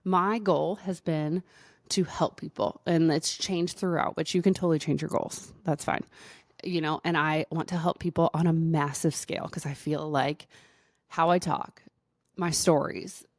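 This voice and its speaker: Chatty low-voiced woman doctor. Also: fairly even intonation, unhurried, dry recording, studio quality. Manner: chatty, with frequent "like" fillers. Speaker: doctor and podcast host. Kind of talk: casual storytelling monologue.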